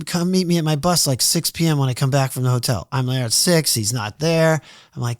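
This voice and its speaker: A slightly high-voiced man spins his stories as a podcast guest, throwing himself into every quoted line. The sound is dry and close, with no room around it. His talk is loose and casual, salted with swearing. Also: fairly quick, no echo. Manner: animated storyteller who acts out quoted dialogue. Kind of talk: casual storytelling interview.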